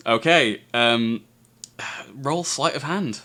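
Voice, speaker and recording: A man's voice: medium pitch, normal speed, bright, forceful tone, slight background noise. A man, narrating a tabletop game as game master. He stammers and restarts often and chuckles a lot.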